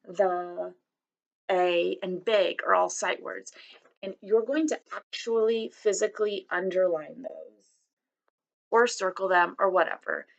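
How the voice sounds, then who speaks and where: A woman walks parents through a home lesson in a relaxed, chatty way, dropping in casual asides. Her voice sits at a middle pitch with a gravelly fry, and she sounds encouraging throughout. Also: rough recording. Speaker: teacher coaching parents. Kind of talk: casual instructional talk.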